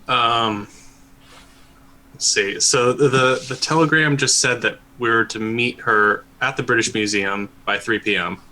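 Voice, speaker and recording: A man's voice: mid-range voice, fairly even intonation, a little slow, bright, forceful tone, poor audio. A man playing a tabletop game, thinking aloud in a hesitant way. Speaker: player.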